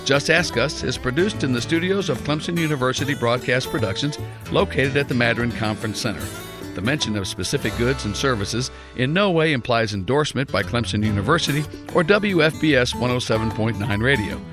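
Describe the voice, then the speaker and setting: A radio announcer reads the show's scripted closing in a measured, mid-pitched voice. Clear guitar music plays beneath him. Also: male voice, animated. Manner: smooth, measured read. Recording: music bed under the voice.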